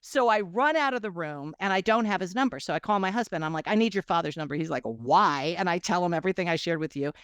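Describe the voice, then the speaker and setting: Animated middle-aged woman telling a story. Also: fast talker, few pauses, clear, resonant tone, dry recording. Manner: animated, acts out quoted dialogue with big swings in pitch and loudness. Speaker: guest coach. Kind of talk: personal storytelling in a podcast interview.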